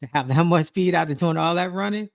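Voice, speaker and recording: A man's voice: on the high side, fast, gravelly. A man co-hosting a casual football chat, agreeable and chiming in with short affirmations. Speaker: co-host.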